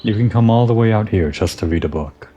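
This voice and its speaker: Low, mellow-voiced man musing over gameplay. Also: brisk, lo-fi sound, faint music behind. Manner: musing, talks to himself and the character. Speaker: game commentator. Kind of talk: relaxed let's-play commentary.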